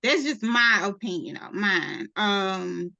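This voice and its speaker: Southern woman from mississippi, animated and drawly, bright voice, kinda dull dry audio. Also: mid-range voice, slow pace, vocal fry, no echo. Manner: animated, laughing, drawling slang. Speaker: guest author. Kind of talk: casual interview chat.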